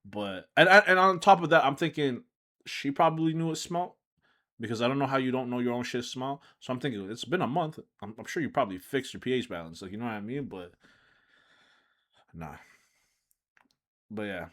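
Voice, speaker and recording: A man streamer casually telling a personal story, animated and laughing, swinging between mumbles and shouts. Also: mid-range voice, fairly quick, long pauses. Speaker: streamer reacting to a video.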